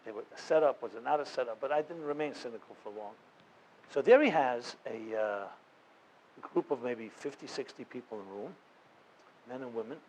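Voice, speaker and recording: A man's voice: mid-range voice, brisk, a little mellow, slight background noise, low-quality recording. Earnest man telling a story to an audience. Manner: earnest, conversational, full of fillers and restarts. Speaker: rabbi and guest speaker. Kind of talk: storytelling talk to a live audience.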